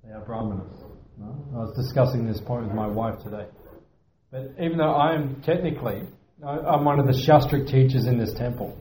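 A man's voice: mid-range voice, a little fast, warm tone, a little hiss or hum. Man, temple teacher, devotional lecture, earnest, self-deprecating, repetitive emphasis, echoey hall.

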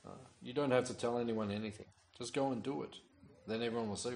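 A man's voice: lowish voice, steady tone, fast talker, creaky, darkish tone, slight background noise. A tired man leads a scripture class, reading the old verses and then unpacking them in plain, chatty asides. He keeps checking in with his listeners with "uh" and "right?" The room around him is echoey.

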